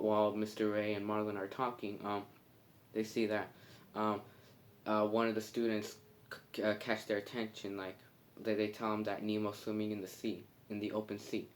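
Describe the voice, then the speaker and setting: A man casually retelling a film's plot, halting and full of fillers and restarts. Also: fairly low pitch, slight background noise. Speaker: movie reviewer.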